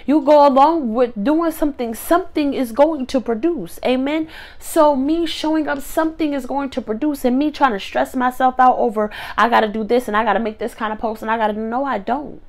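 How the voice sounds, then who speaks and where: A woman's voice: sits high, a little fast, darkish tone. A woman speaking to her phone camera, near tears, giving a heartfelt faith-based motivational talk with repeated preacher-like builds. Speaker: motivational vlogger.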